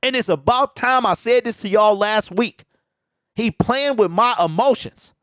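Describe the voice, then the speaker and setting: High-pitched and speaking at a measured pace, he rants about sports on his own, talking straight to his audience with slang and a preachy, animated edge. The popping home desk mic still yields a dry, clean studio sound.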